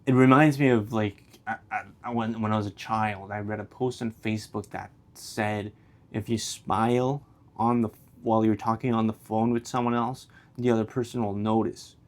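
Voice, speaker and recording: A man's voice: fairly low pitch, steady tone, moderate pace. A young man talking to camera in a loose, rambling way, full of restarts, casual slang and swearing. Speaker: vlogger. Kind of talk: rambling philosophical monologue to camera.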